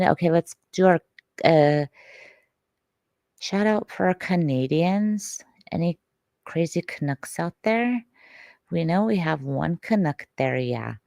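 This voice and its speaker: Low, gravelly woman rambling to her chat. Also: animated, slow pace, a little mellow, dry recording. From Detroit. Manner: rambling, swearing, drifting in and out of whispers. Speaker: livestreamer. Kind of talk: casual livestream chat to viewers.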